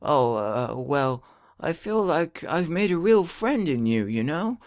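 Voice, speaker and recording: A man's voice: on the high side, very animated, slow pace, no echo, voice pushed up, full character voice. A meek, needy male superhero who stammers and trips over his words, desperate for a friend, as a man puts him on. The recording is dry and close. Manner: stammering, nervous.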